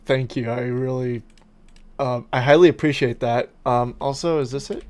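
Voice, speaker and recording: A man's voice: medium pitch, fairly even intonation, normal speed, a little mellow. A man chatting casually on his game stream, playful and teasing, breaking into bursts of mock outrage. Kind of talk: casual gaming stream chat.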